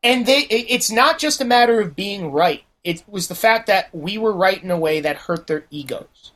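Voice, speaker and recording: Animated, profane storytelling man. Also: high-pitched, moderate pace. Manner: animated, profane, mimics people in anecdotes. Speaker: podcast guest. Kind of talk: casual storytelling chat.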